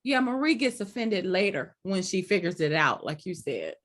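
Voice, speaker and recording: A woman in her forties co-hosting a casual podcast chat, expressive, with quick laughs and short asides. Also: lowish voice. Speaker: podcast co-host.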